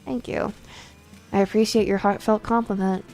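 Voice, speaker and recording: Woman playing a stern nun, deadpan, measured, cool, lower and quieter. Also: soft background music, close to an everyday voice, poor audio. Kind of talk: voice acting a game's dialogue on stream.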